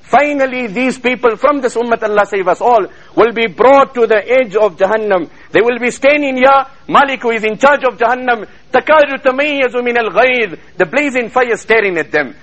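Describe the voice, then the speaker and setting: A man's voice: extremely high pitch, a little fast, hardly any pauses, a bit bright, muffled recording. A man preaching a sermon in a mosque, fervently chanting Arabic verses between English passages, heard over a radio broadcast.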